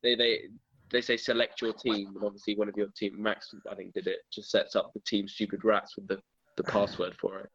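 A man's voice: lowish voice, little pitch movement, fairly quick, a bit bright, breathy edge, no echo. A young man telling a story in casual podcast chat, rambling and swearing freely. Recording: dull dry lo-fi audio.

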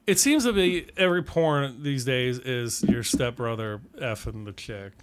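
A man's voice: medium pitch, measured pace, a little hiss or hum. Crude, jokey man in casual chat. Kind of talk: casual chat about movies.

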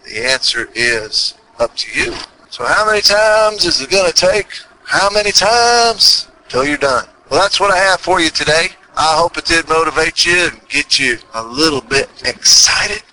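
A man's voice: a little high, sharp tone, low-quality recording. A man with a Texas accent hosting a motivational podcast, talking earnestly and folksy, with lots of repeated rhetorical questions. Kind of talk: motivational monologue.

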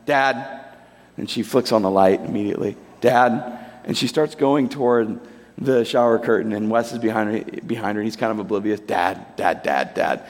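A man in his thirties preaching a sermon in a conversational, animated storytelling way. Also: on the low side, fast talker. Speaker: pastor. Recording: long hall reverb.

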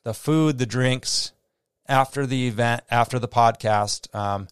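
A man with a Midwestern accent talks through a casual solo podcast, circling back with fillers and false starts. His voice is smooth and resonant. He is recorded close on a mic in a dry room. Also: mid-range voice, a little slow, dry recording. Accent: American Midwest. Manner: rambling, many fillers and restarts. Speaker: podcast host.

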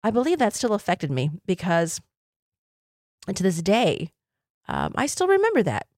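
A woman's voice: mid-range voice, wildly swooping pitch, normal speed, darkish tone, no room sound, studio quality. A woman in her fifties, from Taiwan, hosting a podcast and telling an earnest, reflective personal story with light laughs. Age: 50s. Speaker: podcast host.

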